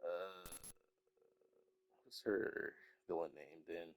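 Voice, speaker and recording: A man's voice: low voice, fairly even intonation, drawn-out words. A young man chatting casually in a rambling way, swearing often and trailing off into mumbles, a little sick with a stuffy nose. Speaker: YouTuber.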